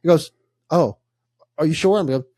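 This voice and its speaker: A man's voice: on the high side, moderate pace, dark tone, dry recording. Young man, rambling storyteller. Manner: rambling storyteller with laughs and fillers. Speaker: podcast co-host. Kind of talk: casual sports podcast chat.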